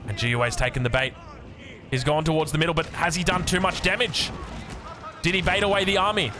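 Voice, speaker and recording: An excitable Australian man casts a strategy game, chatting to the players in a fairly high, fairly quick voice that jumps up whenever he's surprised. There's background noise behind him.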